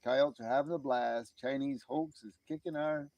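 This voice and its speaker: A man's voice: mid-range voice, steady tone, moderate pace, a little mellow, dry recording, lo-fi sound. A man hosting a casual late-night live stream, talking outdoors in a laid-back way, chuckling often and reading out chat messages.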